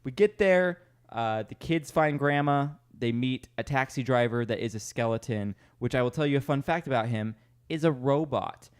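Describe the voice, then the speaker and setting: A man's voice: mid-range voice, moderate pace, clear, resonant tone. Man joking through a rambling movie recap. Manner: joking, rambling plot summary. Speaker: podcast host. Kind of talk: casual chat, recapping a movie.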